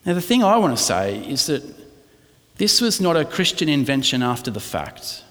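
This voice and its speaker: A man's voice: on the high side, very animated, normal speed, fairly bright tone, big-room sound. A man preaching a conversational sermon, often checking in with his listeners. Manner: conversational, asks the congregation "right?" often. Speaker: pastor.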